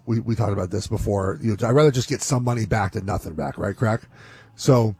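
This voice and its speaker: A man's voice: on the low side, fairly quick, gravelly, husky, no room sound. Rambling man talking sports bets. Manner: rambling, animated, many restarts. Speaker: sports betting podcast co-host. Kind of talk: casual sports chat.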